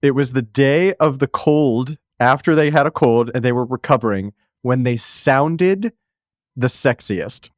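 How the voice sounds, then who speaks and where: A man co-hosting a podcast who chats casually and drops in quick asides. His voice sits at an ordinary pitch, recorded dry and close to the mic. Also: no echo. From Pittsburgh area, USA. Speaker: podcast co-host. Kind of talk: casual chat.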